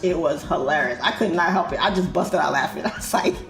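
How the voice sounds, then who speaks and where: A woman's voice: sits low, a little fast, vocal fry, a bit bright. A woman hosting a trading livestream who chats casually and laughs often, using loose slangy talk. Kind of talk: casual chat while trading. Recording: roomy sound with faint music.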